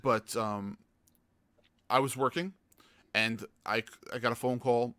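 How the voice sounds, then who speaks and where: A man hosting a gaming podcast, telling stories in a casual, animated way and acting out the people he quotes. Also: medium pitch, takes it slowly, no room sound. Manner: animated, acts out quoted voices. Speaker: podcast host. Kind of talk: casual storytelling chat.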